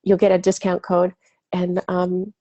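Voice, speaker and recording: A woman's voice: on the low side, monotone, unhurried, mellow, muffled recording. A woman with a cold hosting a live spiritual webinar in casual, chatty talk, gushing and full of fillers, with the odd swear word. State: has a cold.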